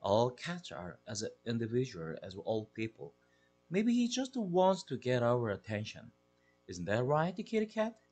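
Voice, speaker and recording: An easygoing, reassuring father, as a man reads him, calmly explaining in a husky voice with a Korean accent. The pitch moves lively between phrases. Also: measured pace.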